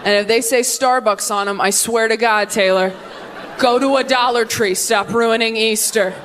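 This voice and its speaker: A woman's voice: a little high, steady tone, normal speed, a bit bright, a little hiss or hum, natural voice. A woman voicing a fussy, scolding older grandmother who nags in an exasperated tone. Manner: nagging, exasperated.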